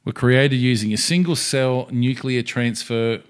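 A man's voice: medium pitch, measured pace, smooth. A man co-hosting a podcast, chatting casually in a rambling, jokey way. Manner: rambling, jokey, trails off and restarts. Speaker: podcast co-host. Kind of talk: casual chat.

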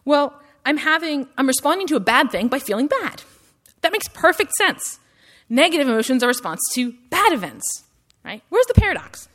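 A woman's voice: high-pitched, fairly bright tone. A woman giving a university lecture in a conversational style, full of "like" and "right?" tags and rising emphasis on her questions.

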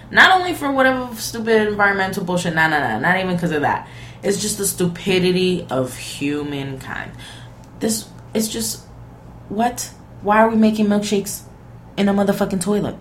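A woman's voice: on the low side, a bit bright, reverberant, slight background noise. A woman, hosting a podcast, ranting casually with lots of profanity and disbelief. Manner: profane, incredulous, rambling. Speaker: podcast host.

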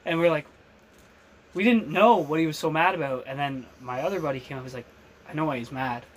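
A man's voice: fairly high pitch, a little fast, low-quality recording. A man telling a story in casual chat, acting out his friends' lines.

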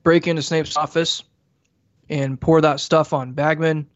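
Slow, flat-voiced man, lo-fi mic. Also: fairly high pitch, dry recording. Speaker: podcast co-host. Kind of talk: casual chat.

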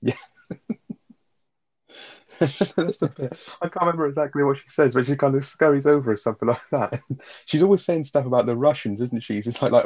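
A man's voice: mid-range voice, darkish tone. A man co-hosting a casual film review, rambling, swearing and laughing as he talks. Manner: fast, rambling, swears often, laughs a lot. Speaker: podcast co-host.

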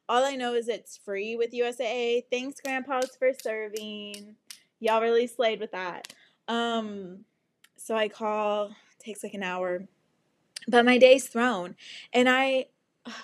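A young adult woman hosting a podcast, telling a story in a casual monologue full of swearing and sing-song asides. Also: on the high side. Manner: animated, swears often, breaks into laughs and sing-song asides. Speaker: podcast host.

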